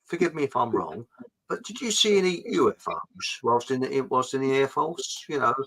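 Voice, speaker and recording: A man's voice: medium pitch, very animated, moderate pace, gravelly, pushed and bright, poor audio. A middle-aged man hosting a casual live chat show, reading out viewer comments in a jokey, rambling way. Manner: jokey and rambling, with frequent fillers.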